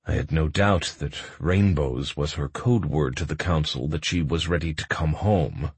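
A man narrating a first-person audiobook in a calm, measured manner. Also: rumbling low, slightly rough, no room sound.

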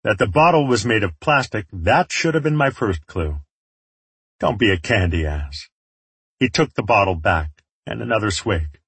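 A man's voice: lowish voice, expressive, normal speed, hardly any pauses, a bit bright, breathy edge, dry recording. A man narrating an audiobook in the first person, with a wry, reflective storytelling manner.

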